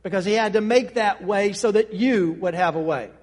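High-voiced preacher in a reverberant hall. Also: male voice, normal speed. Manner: preaching with sweeping swings between hushed and rising passages. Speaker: pastor. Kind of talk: sermon.

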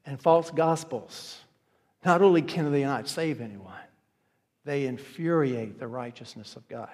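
A man preaching a sermon as a pastor, with emphatic, repeated phrases that swing between loud and soft. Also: mid-range voice, expressive, normal speed. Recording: long reverb of a large hall.

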